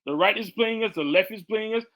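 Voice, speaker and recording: A man's voice: high voice, fairly quick, fairly bright tone. A man co-hosting a podcast who comments casually and with emphasis, often repeating his words as he makes his point. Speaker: podcast co-host.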